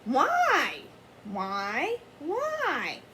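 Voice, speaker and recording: A woman's voice: sits high, wildly swooping pitch, extremely slow, pushed and bright, slight background noise, heavily acted. A woman voicing an anxious, stubborn young boy cat who pleads and asks questions in a storybook read-aloud. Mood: questioning.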